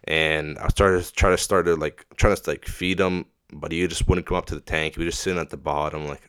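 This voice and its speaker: A man's voice: rumbling low, fairly even intonation, fairly quick, few pauses, fairly bright tone, clean tone, no echo, clean studio sound. A young man hosting a casual solo podcast, rambling and swearing freely in a laid-back way. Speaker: podcast host.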